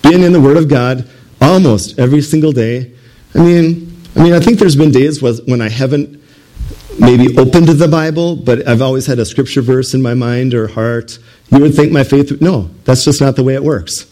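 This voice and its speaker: A man's voice: medium pitch, normal speed, dark tone, poor audio. Conversational man preaching a sermon. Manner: conversational, with rhetorical questions and humor.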